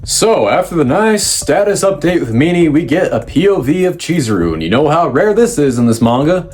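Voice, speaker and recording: A man hosting a casual manga review, rambling with fillers and restarts and jumping up in pitch when he quotes characters. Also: brisk, faint music behind. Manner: lively, pitch jumps up when quoting characters. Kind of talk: casual recap commentary.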